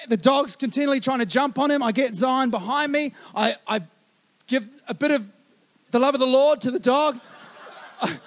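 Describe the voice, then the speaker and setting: A man preaching a sermon, telling a lively personal story and urging listeners on. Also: very high-pitched. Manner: animated storyteller, acting out quotes, exhorting with "come on". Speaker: pastor.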